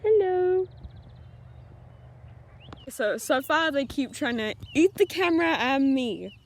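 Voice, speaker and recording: A woman's voice: sits high, expressive, slow pace. A young New woman filming a casual farm vlog on a handheld camera in a paddock, chatting and giggling at the lambs. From New Zealand. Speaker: vlogger. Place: outdoors in a paddock among sheep. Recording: outdoor camera audio with bleating sheep. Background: bleating sheep and lambs.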